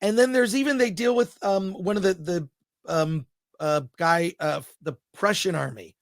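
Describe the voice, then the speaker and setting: A man hosting a film review show, chatting casually and excitedly, rambling as he thinks aloud. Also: high voice, moderate pace, gravelly, dry recording, studio quality.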